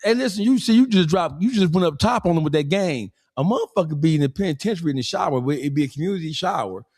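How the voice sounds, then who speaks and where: A man hosting a gossip talk, animated, asking pointed questions and acting out scenes. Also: on the high side, fast. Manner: animated, acts out scenes, asks probing questions. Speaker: gossip show host. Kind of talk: casual gossip chat.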